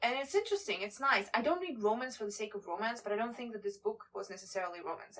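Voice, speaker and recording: A woman's voice: medium pitch, a bit bright. A young woman from Ukraine, a book vlogger giving a casual reading wrap-up in a chatty, apologetic way with many fillers and restarts.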